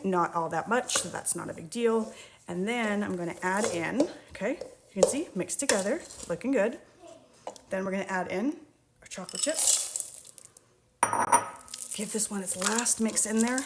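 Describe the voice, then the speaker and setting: A woman with a mid-range voice teaches a cookie recipe live from her home kitchen, mixing and scooping as she goes. She chats and reassures viewers while she works. Dishes and utensils clatter noisily in the background.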